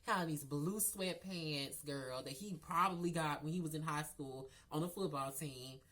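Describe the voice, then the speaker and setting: A man's voice: a little high, normal speed. A man telling a casual storytime to viewers, sassy and gossipy, calling them girl and y'all. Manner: animated with laughs and sudden loud outbursts. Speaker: storyteller vlogger.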